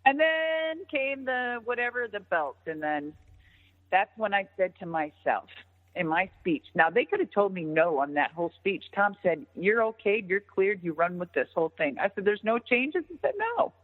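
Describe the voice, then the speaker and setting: A middle-aged woman recounts old stories with lively, swooping pitch, swearing as she goes and playing out each side of the conversation. Her voice comes through a thin, phone-like line with a long echoing tail. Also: normal speed. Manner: profane, animated, acts out others' lines. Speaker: interview guest, former wrestler. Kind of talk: casual storytelling interview. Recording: tinny phone-line audio with long reverb.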